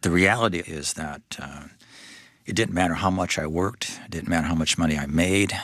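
A man who is a guest on an interview, telling his story as a father in a reflective, halting way with many restarts. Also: low-pitched, a bit bright, no echo, clean studio sound. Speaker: guest, father of a son with a disability. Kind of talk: personal testimony in a faith interview.

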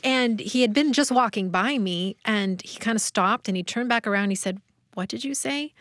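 A woman's voice: mid-range voice, a little fast, fairly bright tone, no room sound, studio quality. A woman who is a guest on a marriage talk show, telling a personal story candidly with some hesitation. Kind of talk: casual conversation.

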